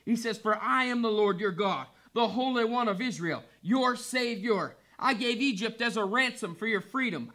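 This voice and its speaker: Bright high-voiced preaching man. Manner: fervent preaching, rising emphatic repetition. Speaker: pastor. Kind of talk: sermon.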